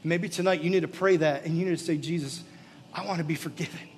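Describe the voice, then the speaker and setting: A man preaching a sermon live to a gathering, moving into an altar call and prayer, earnest and pleading, often dropping to soft, intimate tones. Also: fairly high pitch, fairly even intonation, fast, slight background noise. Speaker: pastor. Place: church or youth gathering, live.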